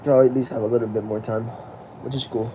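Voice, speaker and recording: A man's voice: mid-range voice, little pitch movement, quick pace, warm tone, a little hiss or hum. Tired, chatty American man on stream. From United States. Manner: chatty, greets viewers by name, asks for comments. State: tired, sleepy. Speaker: live-stream host. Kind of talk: casual live-stream chat reading viewer comments.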